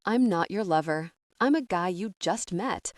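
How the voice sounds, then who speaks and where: A woman reading an audiobook, voicing an earnest young man who talks in a low, dry, carefully measured way. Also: expressive, dry recording. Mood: earnest, gentle. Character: earnest young man, gentle, quietly heartbroken.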